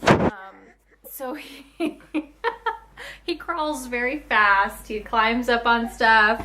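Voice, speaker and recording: A young mother chats to her camera at home in an unhurried way, her voice pitched a little high. She fills pauses with "um" as she talks about her baby. A steady noisy hiss sits under her voice. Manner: chatty with many "um"s and laughs, turning to coo at her baby. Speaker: mother and vlogger. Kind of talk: casual home vlog. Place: home, playing with her toddler.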